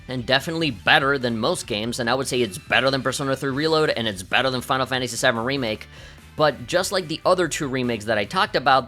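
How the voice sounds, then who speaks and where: Bright-voiced, opinionated man reviewing games. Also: mid-range voice. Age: 30s. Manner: opinionated, sardonic. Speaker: game reviewer. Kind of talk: scripted video review commentary.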